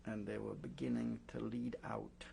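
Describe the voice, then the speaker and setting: An older man recounting his memories in an oral history interview, speaking in a halting way with many pauses and fillers. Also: lowish voice, flat delivery, gravelly, mellow, slight background noise. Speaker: Holocaust survivor giving testimony.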